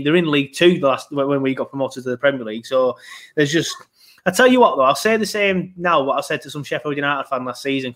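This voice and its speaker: A man co-hosting a casual podcast, his voice sitting a little high for a man. He is chatty and self-mocking, and he tells his stories with plenty of animation. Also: fairly bright tone. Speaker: podcast co-host. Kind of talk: casual chat.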